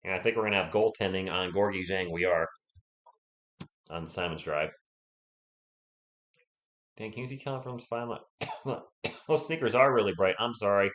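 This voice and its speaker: A man's voice: on the low side, normal speed, long pauses, fairly bright tone. A man with a sore throat and a cough, hosting a casual live play-by-play stream and chatting with viewers between plays.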